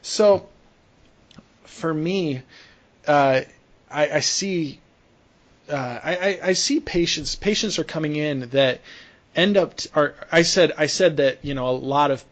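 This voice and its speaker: A man's voice: on the high side, slow, long pauses. A young man, a sports medicine clinician, chatting casually and telling a story with lots of restarts and fillers. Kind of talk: casual podcast conversation.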